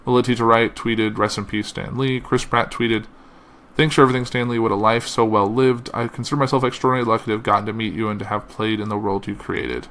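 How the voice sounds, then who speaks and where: A man's voice: on the low side, fairly even intonation, fairly bright tone, a little hiss or hum. A man hosting a podcast, reading a tribute and quoted messages aloud, with slips and uh fillers. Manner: reads slowly with uh fillers and slips. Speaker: podcast host.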